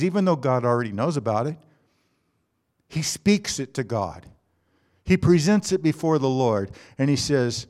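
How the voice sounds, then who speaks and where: A man's voice: fairly high pitch, big pitch swings, moderate pace, darkish tone. A man preaching a sermon, earnest and emphatic, repeating key phrases. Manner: earnest, emphatic repetition with restarts. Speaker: pastor.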